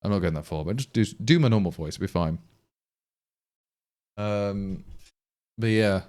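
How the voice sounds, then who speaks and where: This man, speaking with an East Midlands accent from Leicestershire in England, talks casually on a live coding stream, reasoning out loud and responding to viewers. He has a lowish, slightly mellow voice and a measured pace.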